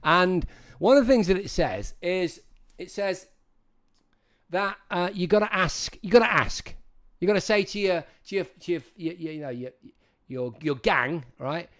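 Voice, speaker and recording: A man's voice: high-pitched, measured pace, fairly bright tone. A man hosting a livestream, chatting casually and rambling as he talks straight to his viewers. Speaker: livestream host.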